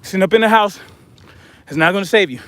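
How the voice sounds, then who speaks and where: A man with a high voice talks to his viewers outdoors as he hikes uphill with a weighted pack. He sounds out of breath and is blunt and chatty, calling them y'all. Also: fast talker, fairly bright tone. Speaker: vlogger. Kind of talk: casual monologue while hiking. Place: outdoors on a hiking trail.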